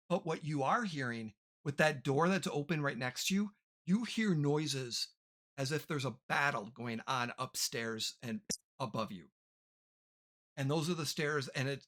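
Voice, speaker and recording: A man's voice: mid-range voice, fairly bright tone. A man running a tabletop game as game master, describing rooms and asking players for checks. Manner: describes scenes, asks for rolls.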